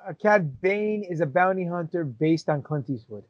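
A man co-hosts a podcast and explains the lore as an eager fan, swearing freely. His voice sits a bit high. His audio is dull and lo-fi, but dry and close. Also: lively intonation, normal speed, no echo. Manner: enthusiastic fan, profane, laughs often. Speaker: podcast co-host. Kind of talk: casual podcast banter.

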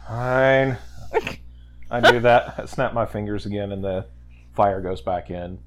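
A man's voice: lowish voice, unhurried, muffled recording, noisy background. A man playing a tabletop game who plays his character in a goofy, melodramatic, joking way. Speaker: player.

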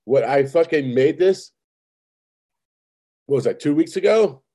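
Husky, profane man chatting casually. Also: on the high side, expressive, measured pace, mellow. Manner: profane, rambling storyteller. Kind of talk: casual chat.

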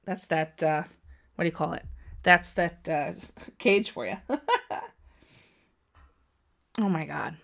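A chatty woman watches a wrestling match along with her audience. She talks at an unhurried pace and addresses viewers directly. She gasps and yelps whenever the action heats up. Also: low-pitched, gravelly. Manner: excitable, gasps and cries out at the action. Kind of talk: casual live reaction commentary.

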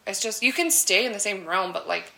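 Woman, 30s, podcast co-host, casual rambling chat, gravelly, bright tone. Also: medium pitch, animated, a little fast, rough recording. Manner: loose, rambling, swears often, many fillers.

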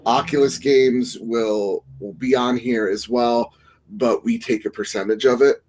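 A man's voice: mid-range voice, steady tone, unhurried, darkish tone, slight background noise. Rambling male podcast co-host. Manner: rambling, lots of filler and restarts, opinionated. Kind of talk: casual chat.

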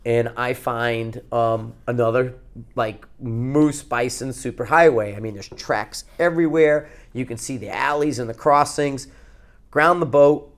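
A man's voice: medium pitch, unhurried. A man from Connecticut, a podcast co-host, telling a long outdoor story in a casual, rambling way with plenty of swearing. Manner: rambling, profane, animated anecdote-telling.

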